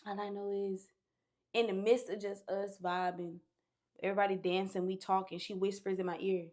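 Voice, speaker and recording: A woman's voice: mid-range voice, little pitch movement, normal speed, a little mellow. A young woman chats as a podcast guest, telling a personal story in a loose, casual way. She is candid and swears freely. She slips into other people's voices as she quotes them.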